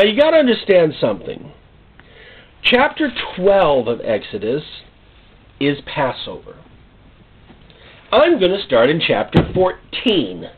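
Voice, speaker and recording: A male pastor preaching a sermon in an animated, storytelling way, with jokes and acted-out scenes. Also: a little high. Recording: tinny phone-like sound.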